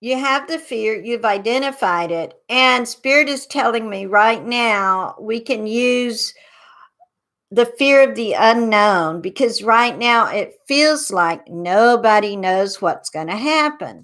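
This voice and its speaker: Slow, soothing woman leading a meditation. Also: on the high side, expressive, a bit bright. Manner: slow, soothing guided instructions. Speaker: psychic advice host. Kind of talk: guided tapping meditation.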